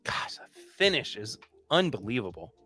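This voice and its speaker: A man's voice: mid-range voice, very animated, normal speed, bright, forceful tone, breathy edge, soft background music. A man hosting a casual livestream podcast, chatting enthusiastically through tasting notes and rambling with restarts. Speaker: podcast host.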